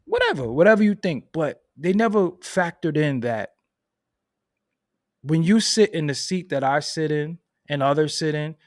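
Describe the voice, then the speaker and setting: Dude ranting on his stream, aave, goes from low mumbles to squeaky high, dry close mic. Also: dry recording. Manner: animated venting, swings from low mutters to high outbursts. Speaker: commentary channel host. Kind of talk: casual livestream commentary.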